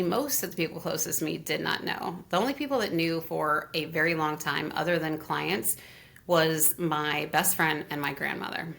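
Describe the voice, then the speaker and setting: Gravelly low-voiced woman telling a story. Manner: animated, laughs often, acts out what others said. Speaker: interview guest, Reiki teacher. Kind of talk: casual storytelling in conversation.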